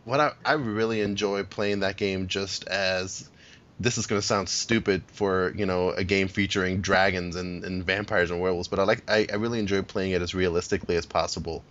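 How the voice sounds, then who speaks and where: A low-voiced man talks through his thoughts on a podcast, circling back and restarting often as he goes. His sentences wander with plenty of fillers. The recording sounds dull and lo-fi. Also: fairly even intonation, a little fast, fairly bright tone. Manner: rambling, many restarts and fillers. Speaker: podcast co-host. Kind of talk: casual chat about games.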